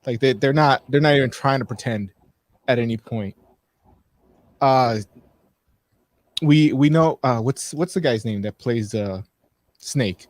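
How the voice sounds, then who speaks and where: A man's voice: mid-range voice, unhurried, pauses often, no room sound. A man co-hosting a live talk show, rambling casually through frank movie opinions with many restarts. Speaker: podcast co-host.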